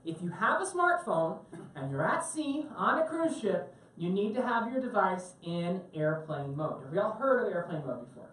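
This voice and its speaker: A woman's voice: medium pitch, sing-song, moderate pace, fairly bright tone. A woman teaching a tech class to a live audience on a cruise ship, chatty and joking and asking the room questions. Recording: very echoey room, mic at a distance.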